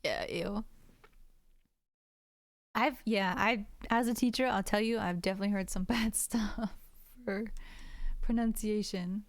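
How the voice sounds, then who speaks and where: Slow-talking American woman chatting casually. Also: mid-range voice, no echo. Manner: chatty, swears freely, many "like" fillers, laughs often. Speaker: French teacher streaming while drawing. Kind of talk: casual livestream chat to viewers. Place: indoors at a computer.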